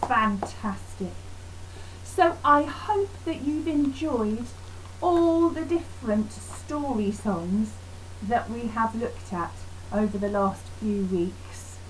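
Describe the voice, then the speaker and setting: A woman teaching a lively online music lesson to young children, encouraging and sing-song. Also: fairly high pitch, background noise. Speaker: primary school music teacher.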